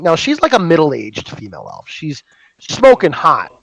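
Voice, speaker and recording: A man narrating as game master in a tabletop game, animated and joking. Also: fairly high pitch, moderate pace, vocal fry, husky, no echo, low-quality recording.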